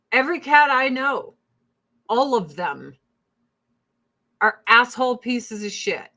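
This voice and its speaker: A woman's voice: fairly high pitch, pushed and bright. A woman hosting a casual livestream chat with her online audience, blunt and profane, who breaks off to coo baby talk at her pets.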